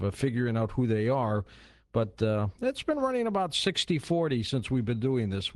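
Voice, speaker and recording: A man hosting a late-night radio talk show, chatty and relaxed, with lots of filler words. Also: on the low side, no room sound, clean studio sound. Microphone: studio microphone.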